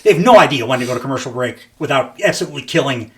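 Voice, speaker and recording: A man's voice: mid-range voice, lively intonation, racing. A man hosting a casual wrestling podcast, rambling with lots of fillers, laughing often and swearing casually. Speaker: podcast host.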